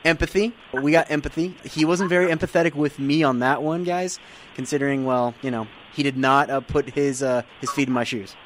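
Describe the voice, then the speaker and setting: A man's voice: medium pitch, steady tone, brisk, a little hiss or hum. A man co-hosting a radio show, joking and rambling with a lot of fillers. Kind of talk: playful radio show banter.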